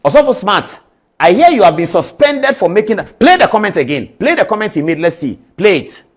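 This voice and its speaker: Animated Ghanaian talk show host. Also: male voice, high voice, brisk. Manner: animated, emphatic, reads documents aloud.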